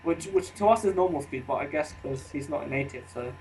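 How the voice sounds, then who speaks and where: A man's voice: fairly high pitch, expressive, brisk, noisy background. A man chatting casually on a call, rambling with lots of fillers. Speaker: guest on a voice call. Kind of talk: casual chat.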